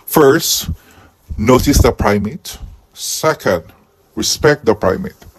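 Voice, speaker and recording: A man giving a comic movie review in a husky head costume, with deadpan jokes and sudden outbursts. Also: mid-range voice, takes it slowly. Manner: speaking while wearing a husky head costume.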